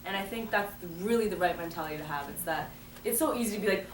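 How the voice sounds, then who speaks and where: A young woman answering fan questions at a live Q&A. She talks in a fast, animated way and laughs often. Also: medium pitch. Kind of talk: live Q&A talk. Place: large hall at a screening. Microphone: audience phone from far off. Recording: echoey hall, distant, faint noise.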